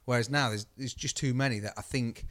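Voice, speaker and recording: Guy on a podcast, sweary and jokey, gets worked up, average pitch. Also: a little fast. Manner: excitable, swears freely, jokey. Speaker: podcast co-host. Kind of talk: casual podcast chat.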